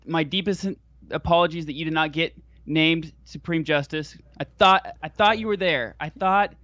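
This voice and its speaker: A man's voice: on the high side, moderate pace, sharp tone, no room sound, highs cut off. Upbeat man co-hosting a podcast. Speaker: podcast co-host. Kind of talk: casual chat.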